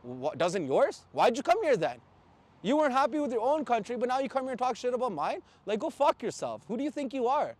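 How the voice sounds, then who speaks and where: A man's voice: very high voice, big pitch swings, brisk, darkish tone. A man from Canada, a truck driver, ranting in blunt, profane casual talk with angry outbursts. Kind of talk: heated casual rant.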